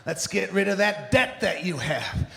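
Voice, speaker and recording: A man's voice: high-pitched, expressive, unhurried, gravelly, fairly bright tone, heavily acted. A man voicing an overly upbeat, motivational male spin class teacher on a comedy stage. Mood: peppy. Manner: peppy, motivational. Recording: echoey hall with live crowd.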